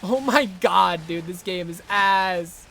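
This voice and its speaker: A young man streaming a game live, frustrated and swearing in loud rants. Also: high-pitched, takes it slowly, vocal fry, a little hiss or hum. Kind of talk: live gameplay commentary.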